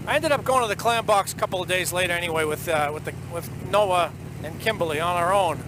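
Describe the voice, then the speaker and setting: This casual road vlog features a man with a Boston accent and a high voice, talking fast with few pauses. He rambles chattily through a story while outdoor traffic noise runs in the background.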